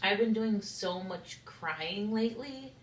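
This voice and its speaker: A woman's voice: mid-range voice, animated, takes it slowly. A young woman rambling candidly in an unedited confessional vlog, saying "like" a lot. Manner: rambling, candid, heavy use of "like". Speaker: vlogger. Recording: echoey room.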